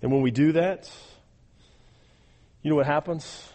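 Male pastor, fairly high voice, earnest sermon, long hall reverb. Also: a little slow, pauses often, mellow. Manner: earnest, repeats words when starting sentences, frequent okay and all right.

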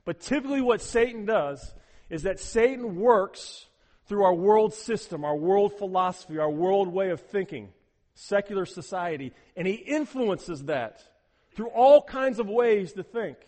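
A man's voice: high voice, animated, measured pace, a little mellow, in a large hall. A pastor preaching a sermon, emphatic and repeating words as he builds each point.

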